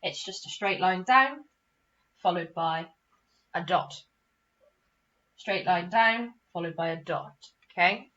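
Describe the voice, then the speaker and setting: A woman's voice: fairly low pitch, slow, long pauses, a bit bright, lo-fi sound. A woman teaching a primary school literacy lesson, patiently repeating "okay?" and acting out example sentences with expression. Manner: patient, repeats "okay?" after each point.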